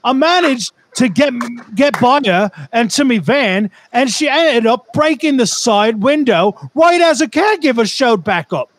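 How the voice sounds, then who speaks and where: A man putting on a Cockney accent to read out a tradesman's story in a slow, drawling way. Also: extremely high pitch, lively intonation, voice pushed up. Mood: storytelling. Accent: put-on Cockney. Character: gruff Cockney tradesman telling a job story.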